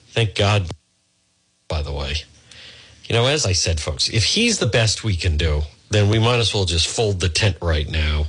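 A man's voice: low-pitched, sing-song, moderate pace, a bit bright, slightly rough. A man hosting a talk radio show, blunt and sarcastic, heckling the news he reads. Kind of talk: opinionated radio commentary.

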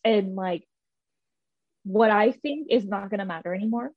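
A young woman in casual chat, relaxed and reflective, with lots of fillers. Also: medium pitch, moderate pace, no echo. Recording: dry, dull lo-fi sound.

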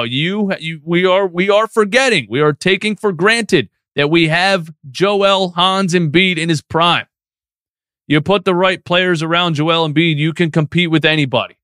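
Man, sports stream host, fairly high voice, animated rant, dry close mic. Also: unhurried, no echo. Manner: animated, ranting, reads chat questions. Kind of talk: live-stream post-game talk.

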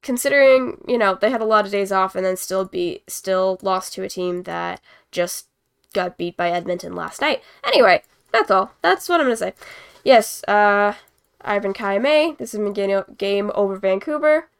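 This young host's medium-pitched voice is expressive, gravelly, clear, and resonant, moving at a moderate pace. On her casual hockey livestream she paints while she talks, rambling, giggling, and self-deprecating.

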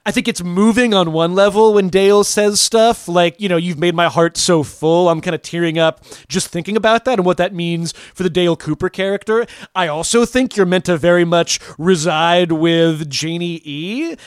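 A man's voice: high-pitched, normal speed, hardly any pauses, smooth, no room sound, clean studio sound. A man co-hosting a podcast, talking in an enthusiastic, rambling way with repeated words. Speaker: podcast co-host. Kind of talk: casual chat.

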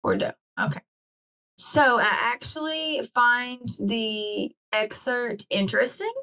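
A woman co-hosting a casual podcast, chatting playfully and reading old excerpts aloud slowly. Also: fairly high pitch, sharp tone, rough recording. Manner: playful, reads slowly and carefully. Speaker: podcast co-host.

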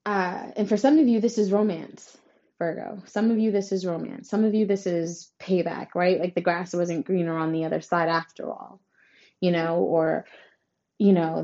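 A woman reads horoscopes tarot-style straight to camera, sounding emphatic and reassuring and often finishing a point with "right?" The astrology reader has a lowish, mellow voice, and the audio is dull.

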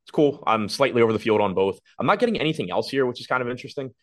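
Breaking down player ownership and projections, this fantasy basketball co-host has a mid-range, expressive voice. His casual sports betting talk is quick and analytical, with him reasoning out loud as he goes.

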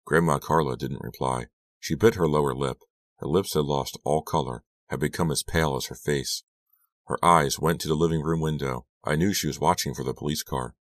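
Very deep-voiced male audiobook narrator. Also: fairly quick, no room sound, clean studio sound. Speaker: audiobook reader. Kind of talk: scripted first-person narration.

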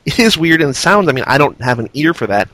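A man's voice: on the high side, sing-song, fast, sharp tone, no echo. Man dissecting a movie in a dry room. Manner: analytical, rambling with restarts. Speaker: film podcast host. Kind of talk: casual film discussion.

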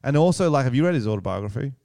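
A man's voice: mid-range voice, animated, creaky, dark tone, no echo. A man co-hosting a podcast, joking crudely and riffing in casual banter. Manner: crude, joking, quick to launch into bits. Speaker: podcast co-host.

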